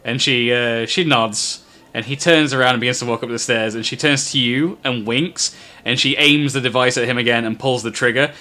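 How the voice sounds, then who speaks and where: A man's voice: mid-range voice, steady tone, normal speed, bright, forceful tone. A man narrating a tabletop game as game master, telling the story with frequent fillers.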